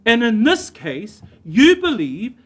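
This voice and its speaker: A man preaching a church sermon in an emphatic way, slowing down and stressing key words. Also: very high voice, wildly swooping pitch, fairly bright tone, husky. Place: church service.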